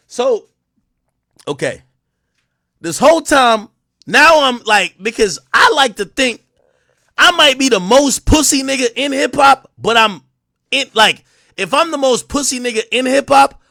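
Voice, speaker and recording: High, excitable, profane male streamer. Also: no echo, clean studio sound. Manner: excitable, profane, swings between loud outbursts and mumbled asides. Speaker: live streamer. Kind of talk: animated storytelling on a live stream.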